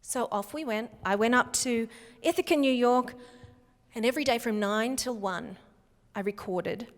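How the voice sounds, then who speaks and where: Australian woman giving an animated keynote. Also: on the high side, normal speed. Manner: animated, acts out quoted voices. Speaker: keynote speaker. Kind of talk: live keynote storytelling. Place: conference hall. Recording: long reverb of a conference hall.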